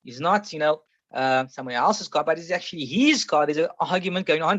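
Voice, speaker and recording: A man's voice: on the high side, expressive, fairly quick, a bit bright, no echo. A man teaching a classroom Arabic grammar lesson, patiently explaining and repeating each example several times. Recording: muffled, slightly lo-fi sound.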